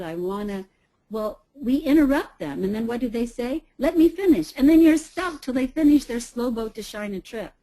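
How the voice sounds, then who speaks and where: Woman, middle-aged, speaking coach, lively webinar talk, mellow voice, fairly high. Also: poor audio. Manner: lively, animated delivery that varies volume and pace. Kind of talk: webinar presentation.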